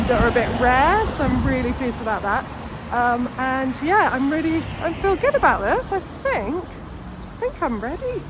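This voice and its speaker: A woman, chatting casually to camera on a busy high street in a bubbly, chatty way. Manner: chatty, bubbly, self-reassuring. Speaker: vlogger. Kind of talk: casual vlog talk to camera. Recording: outdoor street with crowd and traffic noise.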